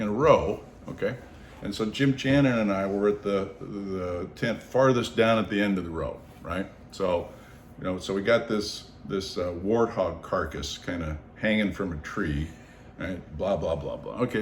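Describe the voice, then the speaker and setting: An older man from the Seattle area, hosting a podcast and telling stories in casual conversation. He is animated, acts out the people in his stories, laughs and repeats words. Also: low voice, a little hiss or hum. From Seattle area, USA. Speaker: podcast host. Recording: roomy echo.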